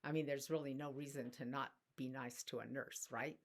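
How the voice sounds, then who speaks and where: A middle-aged woman telling a personal story in a soft-spoken, reflective spiritual talk. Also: a bass voice, fairly even intonation, moderate pace. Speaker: spiritual teacher.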